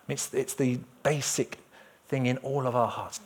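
A man preaching a lively, jokey sermon and sometimes singing a line. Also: medium pitch, moderate pace. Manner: lively, jokey, breaks into song.

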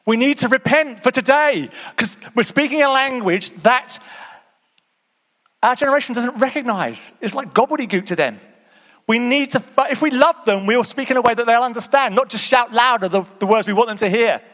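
This sermon comes from a man whose voice sits high and lifted, addressing the congregation like old friends at a normal speed. He sinks to near-whispers for intimate asides, then bursts into emphatic exclamations, repeatedly calling to his listeners, while a long reverb rings through the large hall.

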